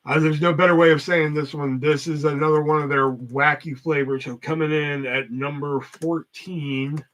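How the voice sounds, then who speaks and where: Bright-voiced man ranting casually. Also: on the high side, steady tone, normal speed. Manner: rambling, heavy swearing. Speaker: host. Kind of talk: casual livestream chat.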